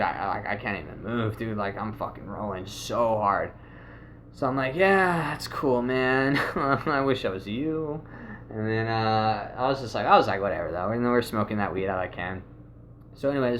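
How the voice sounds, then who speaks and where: A man casually telling a rambling, animated story, swearing often and acting out what people said. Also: on the low side, a little hiss or hum. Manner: rambling, animated, swears a lot, acts out quotes. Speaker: video host.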